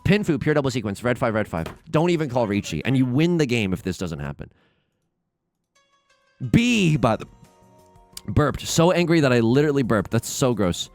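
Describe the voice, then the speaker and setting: Young man, let's play host, gameplay commentary, very lively pitch, excitable, self-mocking, faint background music. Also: fast talker, few pauses, no room sound. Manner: excitable, swings from muttering to shouting.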